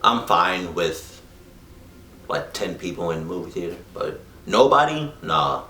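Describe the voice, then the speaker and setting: A man giving blunt, profane, animated reactions to a story he is listening to. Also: deep voice, a little slow, echoey room, slight background noise. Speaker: reaction video host. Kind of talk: casual reaction commentary.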